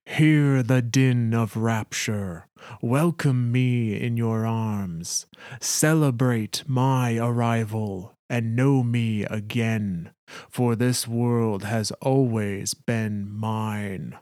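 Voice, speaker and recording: Man reads a menacing ancient alien queen, slow and deliberate, in a dry booth. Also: medium pitch, fairly even intonation, a little mellow, clear, resonant tone, no echo.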